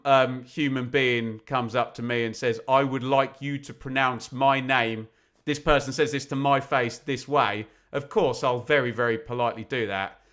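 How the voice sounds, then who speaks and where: A man from England giving live football commentary on a fan watch-along, chatty and opinionated, with sudden bursts of excitement when chances come. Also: medium pitch. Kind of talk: live football commentary mixed with casual chat.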